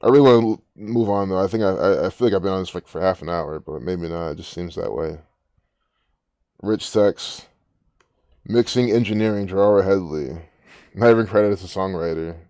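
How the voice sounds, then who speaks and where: A man's voice: low voice, normal speed, mellow, no echo, studio quality. A man hosting a casual commentary, rambling and musing aloud with frequent restarts. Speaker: gematria channel host.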